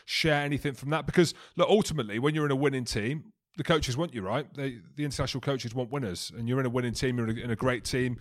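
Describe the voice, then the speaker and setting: A man's voice: medium pitch, quick pace, few pauses. A man co-hosting a podcast, chatting casually with laughing banter. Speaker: podcast co-host.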